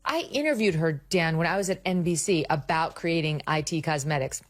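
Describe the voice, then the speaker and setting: A woman's voice: low-pitched, brisk, dry recording, soft background music. Blunt, sarcastic woman talk show host. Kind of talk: opinionated talk show commentary.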